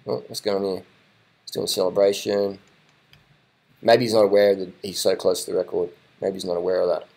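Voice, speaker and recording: A man giving casual live reaction commentary, excitable and repetitive, swearing now and then. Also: low voice, a little fast, gravelly, low-quality recording. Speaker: video commentator.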